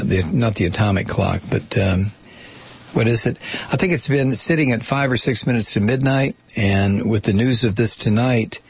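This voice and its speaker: A man's voice: fairly low pitch, gravelly, husky, no echo. A man hosting a talk show, reading news reports aloud with many fillers and breaking off into scornful remarks. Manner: hesitant, with frequent fillers. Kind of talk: news commentary with sardonic asides.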